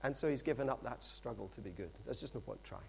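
A middle-aged man preaching a sermon in a lively, conversational storytelling manner with frequent asides. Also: medium pitch, fast, vocal fry, slight background noise.

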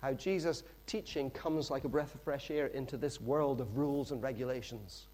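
A middle-aged man preaching a sermon in a lively, conversational storytelling manner with frequent asides. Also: mid-range voice, normal speed.

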